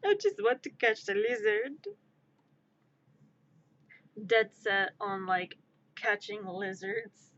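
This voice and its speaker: A woman's voice: medium pitch, big pitch swings, takes it slowly, long pauses, a bit bright, dull audio. A woman streamer chatting casually on a live stream, giggling and rambling, easily amused.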